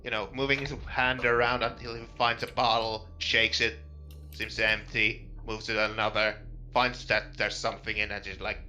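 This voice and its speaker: A man narrating as game master, pausing and searching for words as he goes. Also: on the low side, flat delivery, bright, forceful tone, faint music behind.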